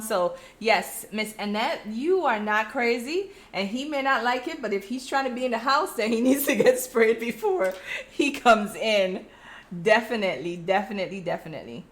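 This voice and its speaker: A woman with a Crucian accent from St. Croix talks in a fairly high voice as she hosts a casual live stream. She chats straight to her viewers, reads their comments aloud and slips into animated stories. She sounds middle-aged. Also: normal speed. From US Virgin Islands (St. Croix). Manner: chatty, animated storytelling with friendly direct address. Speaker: host of a live check-in stream.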